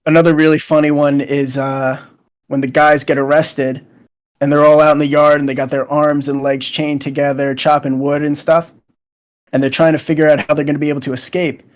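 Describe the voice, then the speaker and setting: A man's voice: on the high side, little pitch movement, fairly quick. A young man chatting casually as a co-host, retelling scenes in a loose, rambling way with lots of fillers. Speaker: show co-host.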